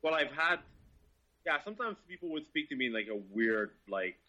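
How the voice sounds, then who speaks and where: A man's voice: on the high side, a little fast, poor audio. A man, a guest car reviewer, telling stories in casual chat with lots of laughs and swearing. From Quebec, Canada. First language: French. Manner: laughing, profane, animated storytelling.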